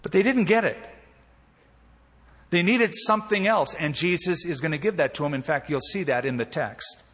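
A male pastor preaching a sermon in a church sanctuary, telling the story in an animated way with emphatic swings and quieter asides. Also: fairly high pitch, normal speed, slightly rough. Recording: reverberant church hall.

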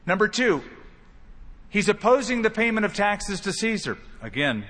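A pastor preaches with emphasis, his fairly high voice jumping up whenever he acts out a quoted line. His words ring through a large hall with a long, trailing reverb. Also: sing-song, measured pace, fairly bright tone. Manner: emphatic preaching, acting out quoted lines with rising pitch. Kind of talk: sermon.

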